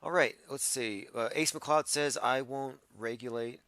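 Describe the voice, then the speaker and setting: Dude ranting on his livestream, gravelly and sharp, dry home mic, dismissive. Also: mid-range voice, measured pace, dry recording. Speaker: livestream host. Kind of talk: casual livestream monologue.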